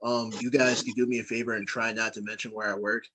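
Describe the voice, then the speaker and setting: A man's voice: fairly low pitch, level tone, fast talker, pushed and bright, rough recording. A man hosting a casual podcast chat with friends, rambling and laid-back with many fillers. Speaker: podcast host.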